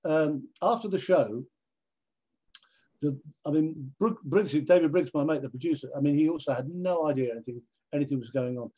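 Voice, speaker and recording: A man, a television presenter, telling anecdotes in an animated way over a video call and acting out other people's voices. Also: fairly high pitch, moderate pace, breathy edge. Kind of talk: anecdotal storytelling in a conversation.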